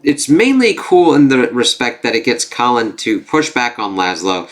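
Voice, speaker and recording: A man's voice: mid-range voice, lively intonation, moderate pace. A man recapping a TV episode in a rambling, casual way, swearing freely and using lots of fillers. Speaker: TV reviewer.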